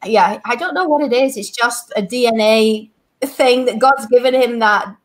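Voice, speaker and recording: A woman's voice: a little high, moderate pace. A woman co-host in casual chat, teasing and laughing.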